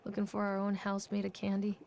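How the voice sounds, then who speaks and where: A woman's voice: medium pitch, completely flat delivery, a little fast, creaky, lightly acted. A woman as a wistful haunted mother. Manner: wistful, quiet reflection. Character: weary haunted mother remembering her son. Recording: game audio over music.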